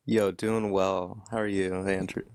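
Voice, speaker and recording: A man with a lowish voice chatting in a relaxed, easygoing way as a panel guest. His sound is close and dry. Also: unhurried, clear, resonant tone, dry recording. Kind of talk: casual chat.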